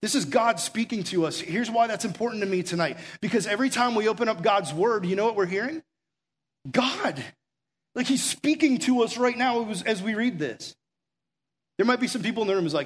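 A man's voice: high-pitched, animated, a little fast. A man preaching a conversational sermon as pastor, urgent and full of rhetorical questions. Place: room with a gathered audience.

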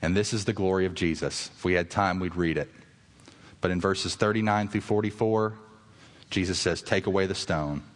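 A man's voice: fairly even intonation, normal speed. A man pastor delivering a sermon to his congregation, earnest and rising to emphatic peaks. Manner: earnest preaching that swells to emphatic highs. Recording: long reverb of a large hall.

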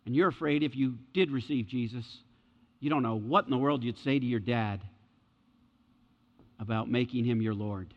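A man's voice: mid-range voice, moderate pace, pauses often. A male pastor preaching a sermon in an earnest, emphatic way, often checking in with his listeners. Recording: dull lo-fi sound with long hall reverb.

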